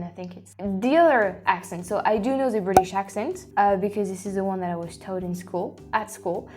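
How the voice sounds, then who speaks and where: A woman from France with a French accent, chatting on a casual reaction vlog and thinking aloud with lots of restarts and bursts of excitement. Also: mid-range voice, brisk, few pauses, slight background noise. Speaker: vlogger.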